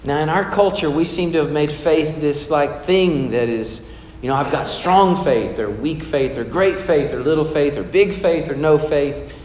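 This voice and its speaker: A man's voice: on the high side, normal speed, hardly any pauses, a little mellow. Preaching man in an echoey hall. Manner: conversational preaching, asks the congregation questions. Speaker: pastor. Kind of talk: sermon. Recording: echoey hall with long reverb, faint room noise.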